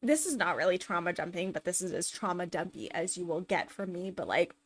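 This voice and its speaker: Over her gameplay, a young female streamer chats casually in a high, girly valley-girl style. She giggles a lot and sounds expressive and brisk.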